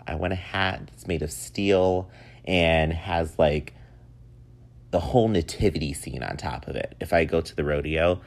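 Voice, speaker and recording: Guy in his 30s doing a solo podcast, real deep voice, rambly and laughing a lot. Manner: chatty and rambling, laughs often. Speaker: podcast host. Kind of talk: casual solo podcast monologue.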